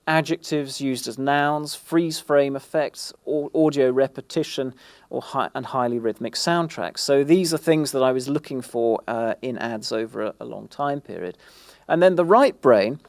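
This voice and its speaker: A man presenting at an industry event in a gravelly mid-pitched voice, recorded dry and close. He pauses and restarts often as he walks through his points. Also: no room sound. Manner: halting, many fillers and restarts. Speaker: conference speaker. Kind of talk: presentation talk.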